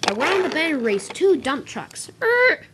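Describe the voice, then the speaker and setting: Woman narrator, amateur toy-train story; lively high voice, self-corrects. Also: moderate pace, very noisy.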